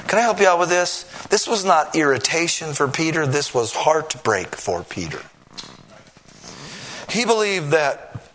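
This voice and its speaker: Man, preacher, sermon, bright voice, dramatic swings in volume. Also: mid-range voice, slight background noise. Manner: dramatic, swings between hushed and loud.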